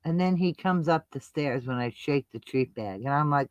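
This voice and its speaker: A woman's voice: deep voice, expressive, moderate pace, no room sound, dull audio. A woman co-hosting a casual livestream, chatty and giggly, a little out of breath. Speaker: livestream co-host.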